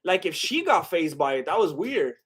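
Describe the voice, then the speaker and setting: Young male streamer, high voice, loose excitable fight commentary with chat asides. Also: moderate pace, slightly rough. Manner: excitable, exclaims at big shots, chats with viewers. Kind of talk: casual live commentary and chat.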